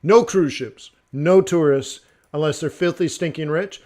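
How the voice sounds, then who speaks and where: A man hosting a casual forex trading live stream, talking through charts in a joking, animated way. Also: a little high, unhurried. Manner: chatty, joking, animated asides with mock voices.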